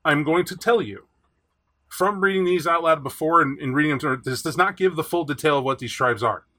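Male podcast host, higher voice with a bright edge, chatty. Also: fairly quick. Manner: animated, chatty, reads aloud from a rulebook. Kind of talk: casual podcast chat.

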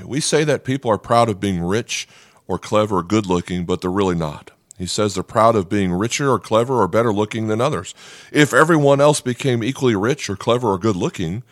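A man preaching a sermon in an animated, conversational way, often checking in with the listeners. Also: fairly low pitch, no room sound, studio quality. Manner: animated, conversational preaching with frequent "right?" asides. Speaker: pastor.

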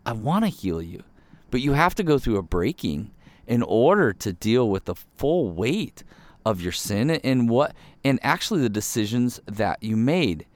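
A man's voice: medium pitch, no room sound. A man hosting a devotional podcast, speaking earnestly and with emphasis, his voice jumping up on key words.

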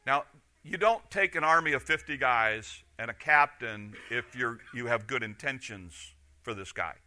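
Man, middle-aged, preacher, sermon storytelling, animated, bright sharp tone. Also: fairly high pitch. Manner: animated, acts out quoted lines.

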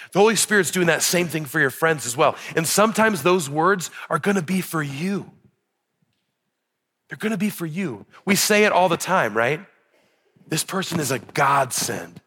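A man's voice: a little high, sharp tone, breathy edge. A young man preaching a sermon as pastor, earnest and building to emphatic peaks.

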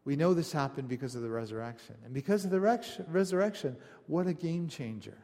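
A man preaching a conversational sermon, telling stories with animated asides to his congregation. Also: fairly high pitch, fairly quick. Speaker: pastor. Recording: long hall reverb.

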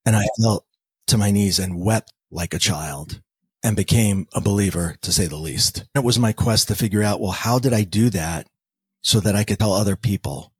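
Husky guy on a podcast, lowish voice, acts out all the back-and-forth, dry sound. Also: normal speed, no room sound. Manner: animated storyteller acting out quoted dialogue. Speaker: podcast guest. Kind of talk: storytelling interview talk.

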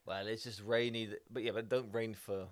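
A man's voice: on the low side, flat delivery, moderate pace, no echo. A man from the Netherlands with a Dutch accent, co-hosting a podcast, chatty and laughing, often trailing off mid-sentence. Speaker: podcast co-host. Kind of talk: casual chat.

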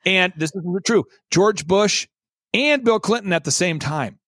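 A man's voice: high-pitched, lively intonation, measured pace, a bit bright, no room sound, clean studio sound. A man appearing as a guest on a talk show, telling a story in an emphatic, theatrical way and repeating points for emphasis.

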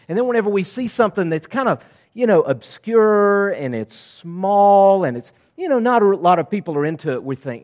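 A man preaching a sermon, lively and conversational, acting out voices of the crowd and disciples in casual asides. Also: high-pitched, fairly quick. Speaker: pastor.

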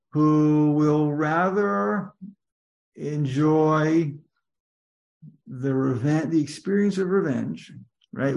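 A rabbi teaches a study group in a loose, conversational lecture. His slightly high voice has a gravelly edge, and he keeps restarting sentences and asking rhetorical questions as he works through the text. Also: a little mellow. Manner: thinks aloud with many restarts and rhetorical questions.

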